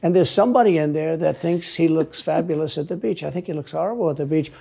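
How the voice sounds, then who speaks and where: Gravelly, husky older man, blunt talk. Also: a little high, fast, warm tone. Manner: blunt, repeats phrases for emphasis. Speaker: interviewee. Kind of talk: casual interview talk. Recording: clip played from a broadcast interview.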